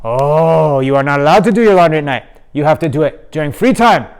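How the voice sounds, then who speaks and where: A man's voice: a little high, animated, fairly quick, smooth. A man voicing a sleepy but strict male school principal who lectures firmly. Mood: stern. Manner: stern, firm, lecturing.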